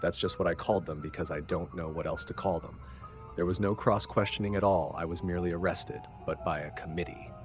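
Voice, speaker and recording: A man's voice: low voice, fairly even intonation, fairly quick, music in the background, lightly acted. A man reads the part of an earnest, flustered male clerk who insists on being believed. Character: earnest, bewildered arrested bank clerk, a man.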